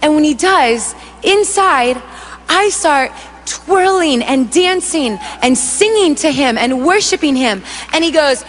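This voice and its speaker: A woman in her thirties giving a sermon, telling a story in a lively, conversational way and acting out the voices. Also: sits high, slow, background noise. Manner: animated, acts out quoted voices, conversational. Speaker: worship leader preaching. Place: large church hall. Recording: long reverb of a large hall.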